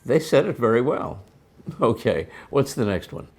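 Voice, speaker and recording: A man's voice: medium pitch, sing-song, moderate pace, soft background music. A man with an American accent co-hosting an English pronunciation lesson, explaining sounds in a friendly, joking way. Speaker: English teacher, co-host.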